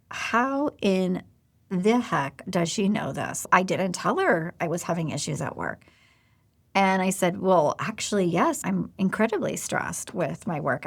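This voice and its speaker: A woman's voice: lowish voice, vocal fry. A woman in her forties hosting a podcast, telling a personal story in a candid, confiding way and speaking straight to the listener. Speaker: podcast host.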